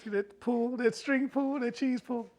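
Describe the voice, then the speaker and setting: A middle-aged man hosts his home cooking channel in a very high-pitched but steady voice, a little mellow and measured in pace. He keeps the casual cooking chat laid-back and jokey, laughing often as he goes.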